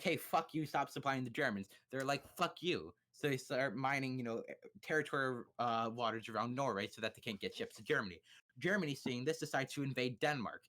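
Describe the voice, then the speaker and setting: A man's voice: mid-range voice, a bit bright. A young man streaming live, giving a crude, sarcastic and rambling rundown of history with many restarts. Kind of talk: profane comedic history rundown. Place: home streaming setup.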